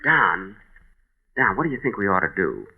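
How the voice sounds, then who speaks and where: A man's voice: low voice, very animated, normal speed, creaky, breathy edge. Exasperated man hosting radio comedy. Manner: exasperated, fussy comic timing. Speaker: comedy show host. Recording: dull noisy old radio broadcast.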